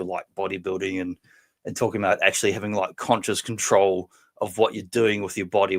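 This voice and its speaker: Man from New Zealand, livestream host, low voice, loose rambling chatter with plenty of swearing. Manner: rambling, chatty, swears freely, laughs often. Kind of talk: casual livestream chat.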